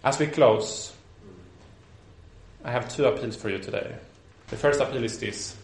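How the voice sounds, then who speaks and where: A man preacher telling a story in a sermon, with a lively, animated delivery and frequent restarts. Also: mid-range voice, a little slow. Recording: roomy echo.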